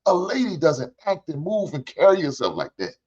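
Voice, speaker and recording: A man's voice: fairly high pitch, sing-song, normal speed, a little mellow, slightly rough. An older man hosts a reaction show, ranting bluntly with lots of profanity and preaching in repeated phrases. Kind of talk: ranting commentary. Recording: dull lo-fi recording.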